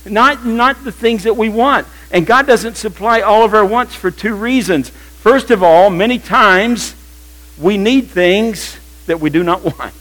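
Older pastor preaching with humor. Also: male voice, sits high, measured pace, poor audio. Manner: humorous, animated preaching with acted quotes. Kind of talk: sermon. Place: church.

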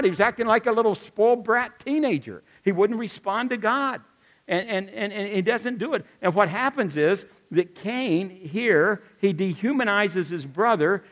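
Man, pastor, high voice, folksy sermon, joking asides, earnest.

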